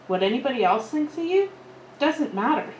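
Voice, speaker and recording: A woman's voice: sits high, big pitch swings, normal speed, darkish tone. Female speaker, earnest and affirming, echoey hall with faint hiss. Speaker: speaker's partner addressing the audience. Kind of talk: short motivational address. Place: seminar room before a live audience. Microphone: handed microphone.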